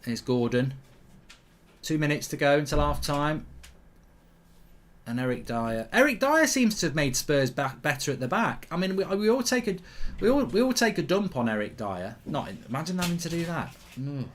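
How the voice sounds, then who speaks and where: A man's voice: fairly high pitch, big pitch swings, moderate pace. A man hosting a live football watchalong, chatting opinionatedly and reacting to the match. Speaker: host.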